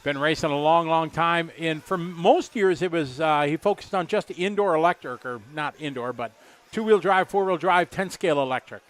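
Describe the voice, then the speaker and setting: A man's voice: fairly high pitch, moderate pace, hardly any pauses. A middle-aged man doing live race commentary, chatty and rambling, joking with viewers.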